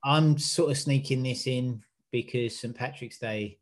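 A man's voice: mid-range voice, a little slow. A man hosting a casual podcast, blunt and jokey, swearing freely in banter. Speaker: podcast host. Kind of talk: casual chat.

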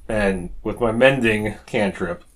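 A man's voice: on the low side, takes it slowly. A man playing in a tabletop game, chatting casually and swearing as he works out his moves. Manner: casual, profane, thinking aloud. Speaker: player.

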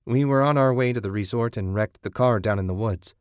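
A man voicing a young adult wife who speaks brightly and hopefully. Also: mid-range voice, a little fast, no echo, studio quality, lightly acted. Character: young adult wife, cheerful then nervous.

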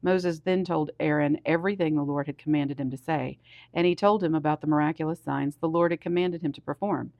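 A man, a pastor, reading scripture aloud steadily with small restarts, and getting louder on the commands. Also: fairly high pitch, steady tone, a little fast, vocal fry, dry recording.

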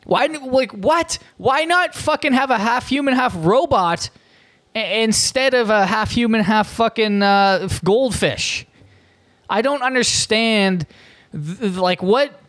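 A man's voice: high voice, fairly bright tone. A man hosting a comedy show, delivering a profane, incredulous rant with frequent stumbles and restarts. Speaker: podcast host.

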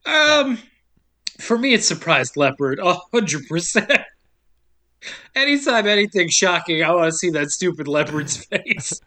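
A man's voice: high-pitched, animated, a little slow, sharp tone. A young man hosting a podcast, chatting casually and jokingly, laughing a lot and slipping into mocking voices. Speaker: podcast host. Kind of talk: casual chat.

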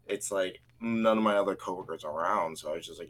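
A man's voice: low-pitched, fast, fairly bright tone. A man chatting casually on a livestream, rambling through work stories with many restarts. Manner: rambling, self-correcting storyteller. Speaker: co-host.

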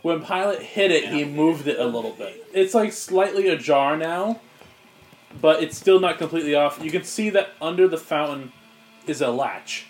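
A man's voice: a little high, normal speed, a little hiss or hum. A man narrating as game master in a casual, slangy way, laughing often.

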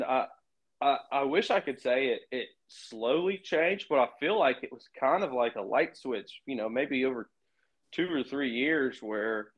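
A young man with a drawl chats casually on a podcast. He talks in halting bursts and keeps restarting his sentences. The recording is a little dull and lo-fi. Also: mid-range voice. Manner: halting, many restarts and fillers. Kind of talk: casual chat. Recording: muffled lo-fi recording.

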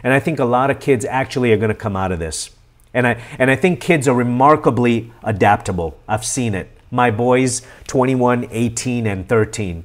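A middle-aged man hosts a live-stream question session. He talks in an earnest, animated way at a middle pitch, coaching his listeners with encouragement. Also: moderate pace. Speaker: host.

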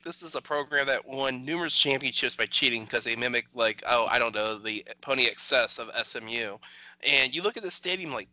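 A man's voice: medium pitch, bright, forceful tone, dry recording. A man hosting a casual movie podcast, rambling through trivia and reading facts aloud. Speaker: podcast host. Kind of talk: casual movie commentary chat.

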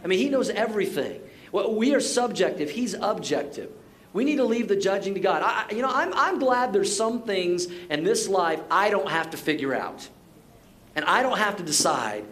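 A middle-aged male pastor with a fairly high voice delivers a sermon. He talks like he's chatting, full of personal stories, restarts and asides. The tone stays easygoing and plainspoken. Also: big pitch swings, moderate pace, fairly bright tone. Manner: conversational storytelling with repeated words and asides.

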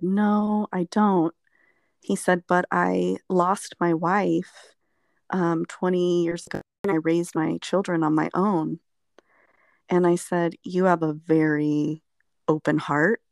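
A woman's voice: fairly low pitch, steady tone, slow pace, gravelly, a little mellow, dry recording, studio quality. A woman therapist telling a reflective personal story in conversation, meandering with fillers. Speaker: therapist guest.

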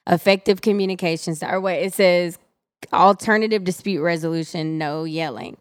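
A young woman co-hosting a casual podcast chat, open and animated as she tells her own stories. Her voice sits a little low and comes out smooth and clean. The sound is close and dry. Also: normal speed, dry recording. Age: young adult. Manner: candid, animated, laughs often. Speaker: podcast co-host.

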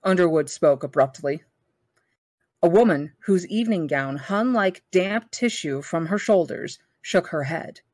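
Low-voiced woman reading a novel aloud. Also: measured pace, no room sound. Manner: steady, self-correcting reading. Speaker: book club reader.

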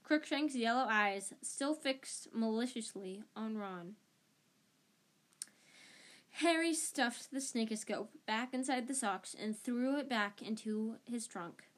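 A woman's voice: a little high, takes it slowly. Woman reading a story with small slips. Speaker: audiobook reader. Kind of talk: amateur audiobook narration.

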